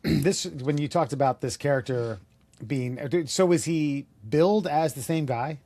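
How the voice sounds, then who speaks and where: Male podcast co-host, mid-pitch, laid-back, casual swearing, dry close mic. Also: measured pace, dark tone, no room sound. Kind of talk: casual chat.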